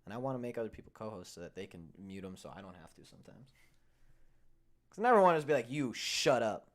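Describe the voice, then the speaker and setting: A young man hosting a sports betting show in casual chat, with animated, profane storytelling that swings from heated rants to low grumbling. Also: racing.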